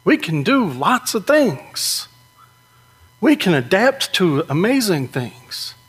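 A man's voice: high-pitched, big pitch swings, takes it slowly, husky. Man preaching a conversational sermon. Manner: conversational, with frequent rhetorical "right?".

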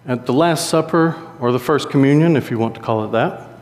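A man preaching a sermon in a conversational, animated storytelling way. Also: medium pitch, fairly quick. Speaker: pastor. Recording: long hall reverb.

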